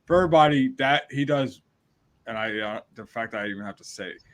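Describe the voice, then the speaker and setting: A man hosting a podcast, asking questions in loose, relaxed chat with fillers. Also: mid-range voice, quick pace. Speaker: podcast host. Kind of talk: casual interview chat.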